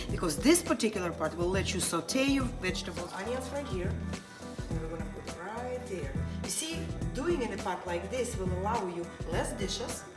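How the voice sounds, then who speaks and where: Upbeat woman in an echoey kitchen. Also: medium pitch. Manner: upbeat, encouraging, chatty teacher. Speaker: cooking show host. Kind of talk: cooking demonstration with mini language lessons. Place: home kitchen. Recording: echoey kitchen, camera mic far off, loud music. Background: loud background music and sizzling pan.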